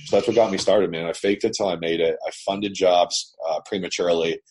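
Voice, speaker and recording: A Canadian business owner, guesting on an interview over a remote internet call, tells his story bluntly, profanely and emphatically. His voice is low, steady and slightly rough, and he talks a little fast in this casual storytelling.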